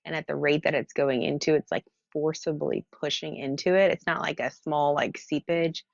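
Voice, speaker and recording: A woman's voice: low-pitched, fairly even intonation, normal speed, vocal fry, no echo, dull audio. A woman calling in to a stream from bed, talking earnestly and with concern, with lots of fillers. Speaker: caller. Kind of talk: casual call-in chat. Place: at home in bed.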